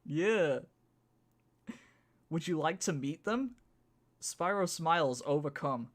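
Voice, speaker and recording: Giggly northern English streamer. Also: male voice, fairly high pitch, animated, takes it slowly. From northern England. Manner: giggly, reads lines then riffs on them. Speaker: streamer reading a script aloud. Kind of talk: casual stream commentary with dramatic reading.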